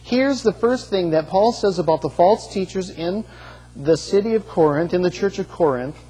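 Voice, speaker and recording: A man's voice: sits high, normal speed, mellow, breathy edge. A man preaching a sermon as pastor, earnest, with rhetorical questions and frequent restarts, in a church sanctuary. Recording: long reverb of a large hall.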